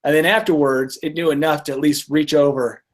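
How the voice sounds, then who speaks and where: Guy cracking jokes on a comedy podcast, kinda high voice, laughs a lot. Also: fairly even intonation, a little fast. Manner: joking, laughs at his own bits. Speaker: podcast co-host presenting stories. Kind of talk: casual comedic chat.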